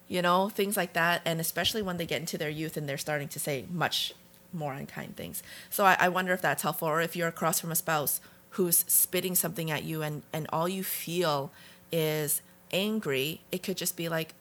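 A woman's voice: lowish voice, fairly even intonation, normal speed, fairly bright tone. A woman co-hosting a podcast, talking in a reflective, frank way and now and then swearing. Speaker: podcast co-host. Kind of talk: casual conversation.

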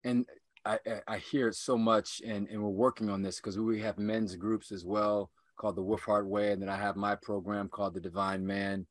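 A man's voice: lowish voice, level tone, normal speed, dry recording, studio quality. A man guesting on a podcast as an inspirational speaker, talking earnestly with rousing, repetitive emphasis. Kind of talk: earnest motivational conversation.

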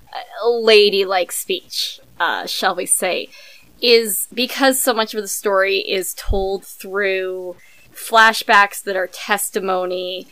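A woman's voice: medium pitch, a bit bright, no echo, low-quality recording. A woman co-hosting a podcast, speaking in an articulate, analytical way with a few fillers. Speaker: podcast co-host. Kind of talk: casual discussion.

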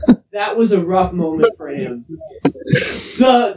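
A man's voice: high-pitched, takes it slowly, over a noisy crowd, poor audio. A young man in casual podcast chat, animatedly telling a story and acting out the voices in it. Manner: animated, acts out quoted voices. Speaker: podcast co-host.

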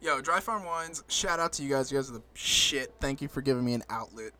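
A young man co-hosting a casual podcast from a home studio, laid-back and quick to laugh. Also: medium pitch, pushed and bright. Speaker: podcast co-host.

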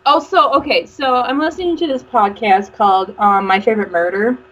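A woman co-hosting a casual podcast chat, trading quick banter and laughing often. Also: a little high, fairly bright tone, highs cut off.

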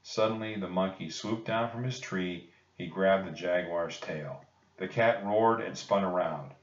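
Low, slow storytelling man. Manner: calm, measured reading. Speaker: narrator. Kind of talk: children's storybook read-aloud. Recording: echoey, distant and muffled.

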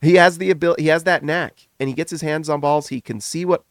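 Gravelly man gushing over basketball. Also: a little high, dry recording, clean studio sound. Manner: animated, gushing, talks in rapid runs. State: foggy from a recent illness. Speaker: podcast host. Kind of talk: casual sports commentary.

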